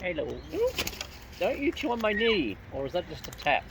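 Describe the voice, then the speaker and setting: Filming wild birds she feeds outdoors, a woman chats to them in a cooing, baby-talk way. Her voice sits on the low side and is sing-song at a moderate pace, and the recording is noisy with bird sounds.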